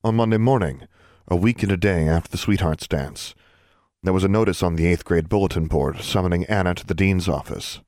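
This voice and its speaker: A man narrating an audiobook in an even, measured storytelling manner. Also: sits low, no echo, studio quality.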